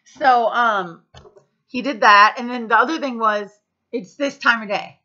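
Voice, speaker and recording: Vlogger, woman, 30s, from the US; bright, punchy voice, casual and profane, slightly muffled audio. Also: on the high side, measured pace. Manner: chatty, profane, full of fillers. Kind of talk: casual storytelling to camera.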